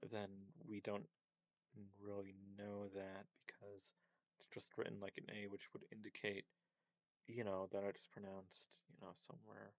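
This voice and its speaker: A man teaching a casual screen-share language lesson, thinking aloud with many ums and pauses. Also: fairly low pitch, no echo, poor audio.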